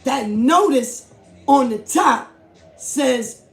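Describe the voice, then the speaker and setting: Man, high voice, gravelly, emphatic vlog commentary, repeats himself, echoey room. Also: animated, very slow, soft background music. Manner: emphatic, repetitive, rising to shouts. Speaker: YouTube host.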